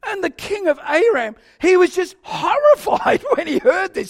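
An older man preaching a sermon, telling a story animatedly with soft asides and loud exclaims. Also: very high voice, sing-song, normal speed, gravelly, hardly any pauses.

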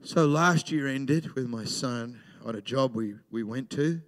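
Speaking at a measured pace in a mid-range voice, a middle-aged man preaches a sermon in a conversational way. As a pastor, he shifts from loud, emphatic moments to quiet, hushed storytelling.

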